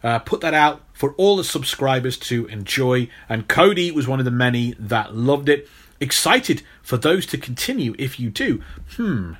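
A British man in casual podcast chat, speaking at a middling pitch. He runs his lines with playful, mock-stern energy and animated swings. He talks into a podcast microphone. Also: normal speed. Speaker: podcast co-host.

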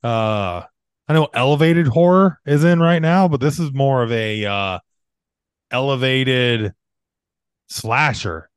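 A laid-back podcast co-host, a man with a smooth, clear voice. He drops dry jokes and stalls on "uh" as he gathers his thoughts. The sound is close and dry. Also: mid-range voice, slow pace, no room sound. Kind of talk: casual chat.

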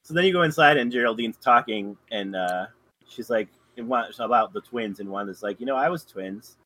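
A man's voice: on the low side, fairly quick, sharp tone, low-quality recording. A man in casual chat, rambling through a recap with plenty of fillers and self-corrections. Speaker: podcast co-host.

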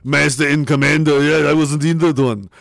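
A man's voice: a little high, steady tone, moderate pace, gravelly, dry recording, studio quality. A man hosting a casual live stream, reacting to chat with laughter, swearing and trailing mutters. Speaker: livestreamer.

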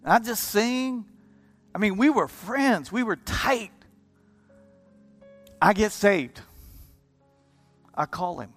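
A man's voice: high voice, animated, slow, pauses often, a bit bright. A man preaching a sermon, telling his story with passion, repeating and restarting words in bursts. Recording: long hall reverb with music underneath. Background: live keyboard music.

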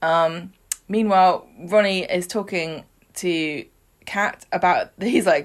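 A woman's voice: fairly low pitch, slow. Chatty woman recapping a soap. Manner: chatty, acts out characters' lines in voices. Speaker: podcast co-host. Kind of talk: casual soap recap chat.

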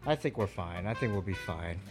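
A man's voice: low voice, animated, brisk, gravelly, music in the background. A man co-hosting a hobby podcast in loose, joking chat, swearing freely and laughing often. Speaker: podcast co-host.

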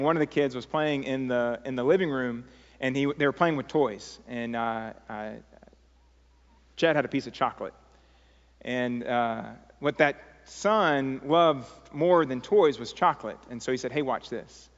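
A man preaching to his congregation in an earnest, pleading way, with stray fillers when he tells a story. His voice sits at an ordinary pitch and rings out with a long reverb in the church sanctuary. The recording sounds a little muffled. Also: unhurried. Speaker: pastor. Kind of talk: sermon.

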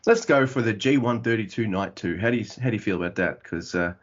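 A man's voice: fairly low pitch, quick pace, muffled recording. A man co-hosting a podcast in rambling casual chat. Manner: rambling, with restarts and swearing. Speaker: podcast co-host.

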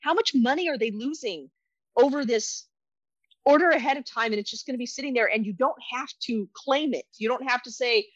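A woman's voice: a little high, brisk, no echo, lo-fi sound. A woman co-hosting a casual chat, reacting bluntly and with emphasis. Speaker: podcast co-host.

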